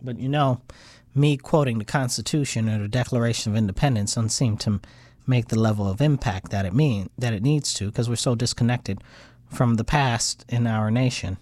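A man's voice: mid-range voice, moderate pace, a little mellow, dry recording. Frustrated American man ranting on a livestream. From United States. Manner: frustrated, rambling, swings into heated outbursts. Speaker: livestream host. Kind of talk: casual political livestream rant.

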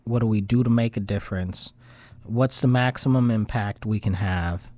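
A man's voice: fairly low pitch, normal speed, a little mellow, no room sound. An American man hosting a casual livestream, rambling and frustrated, his voice swinging up into heated outbursts. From United States. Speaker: livestream host. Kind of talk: casual political livestream rant.

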